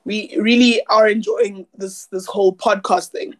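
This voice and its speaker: A woman's voice: mid-range voice, steady tone, a little slow. A woman from South Africa co-hosting a podcast in a casual, chatty way, laughing and dropping slang. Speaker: podcast co-host. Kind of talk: casual chat.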